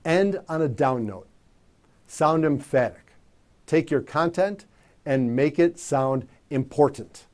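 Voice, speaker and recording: A man teaching communication skills in a measured, emphatic coaching manner. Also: a little high, lively intonation, darkish tone. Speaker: communication trainer. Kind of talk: instructional presentation.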